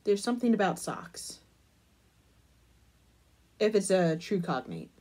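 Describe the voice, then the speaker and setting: A woman chatting casually in a crochet vlog, gushing over a pattern book and trailing off into soft murmurs. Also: medium pitch, wildly swooping pitch, slow, slightly rough. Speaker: crochet vlogger.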